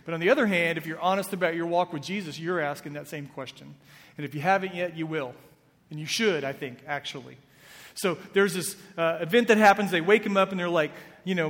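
A man's voice: high voice, a little fast, fairly bright tone. A man preaching a conversational sermon, retelling scripture with casual asides. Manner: conversational, with fillers and restarts. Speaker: pastor. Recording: long hall reverb.

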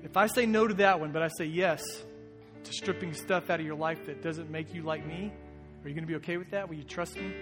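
A man's voice: fairly high pitch, steady tone, a little fast. A man preaching a sermon as a pastor, in an earnest, conversational way. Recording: long reverb with soft guitar behind.

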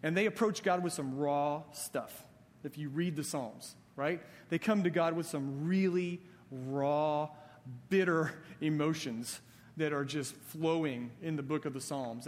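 A male pastor preaching a sermon in a conversational way, often asking "right?". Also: on the high side. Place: church sanctuary. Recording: church hall reverb.

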